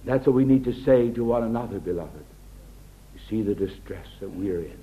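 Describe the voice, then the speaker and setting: An American man preaching a sermon in an earnest way, often dropping to a hushed, tender tone. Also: on the low side, expressive, brisk, slight background noise. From United States. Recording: tinny lo-fi phone-like recording.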